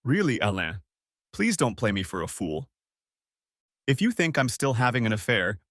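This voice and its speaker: A man's voice: mid-range voice, big pitch swings, normal speed, fairly bright tone, no echo. A man voicing a cold, scornful wife with a cutting, sarcastic delivery, in a dry close recording. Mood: mocking.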